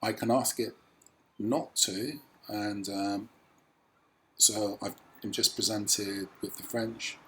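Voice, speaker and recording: Brief: man, low husky voice, hesitant tutorial vlogger. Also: slow, pauses often. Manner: hesitant, many ums, relaxed explaining. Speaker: language learner showing a practice tool. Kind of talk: casual screen tutorial.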